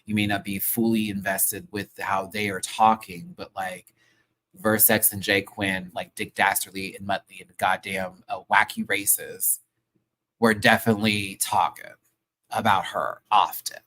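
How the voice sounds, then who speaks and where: A man's voice: on the low side, little pitch movement, a little slow, bright, forceful tone, a little hiss or hum. A man hosting a live review show, ranting in a sassy, heated and profane way full of slang. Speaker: show host reviewing a TV episode.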